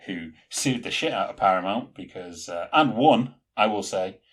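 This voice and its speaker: Male podcast co-host, low-pitched and husky, chatty and rambling. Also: a bit bright. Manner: rambling, piles up film trivia. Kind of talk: casual chat.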